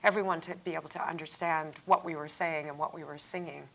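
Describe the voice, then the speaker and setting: A woman actor talks through a relaxed cast Q&A. Her voice sits a little low, and she keeps it casual with lots of fillers and agreeable "yeah"s. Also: fast talker, vocal fry. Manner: chatty, frequent "yeah" and "uh" fillers. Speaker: stage actor on a cast panel. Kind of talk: casual panel Q&A.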